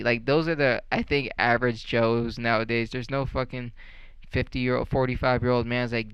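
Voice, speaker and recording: A young man rants in a loose, rambling way, swearing and firing off sarcastic questions. His voice is smooth and clear at a middle pitch. The recording is dry and close. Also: steady tone, moderate pace, fairly bright tone, dry recording, poor audio. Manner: profane, sarcastic, rambling with many fillers. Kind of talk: casual rant.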